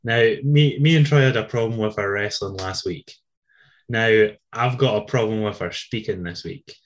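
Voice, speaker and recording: A man with a Scottish accent co-hosting a casual wrestling review chat, teasing and quick to laugh, leaning close to his mic. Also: fairly low pitch. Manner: chatty, laughs often, teasing. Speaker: wrestling podcast co-host. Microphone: leans close to camera mic.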